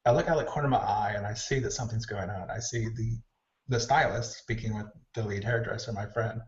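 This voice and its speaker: Speaking fast in a fairly low voice, this man shares backstage tales as a hair stylist guest, performing the dialogue of everyone he quotes. The interview is casual, and the recording is distant, roomy, and dull lo-fi.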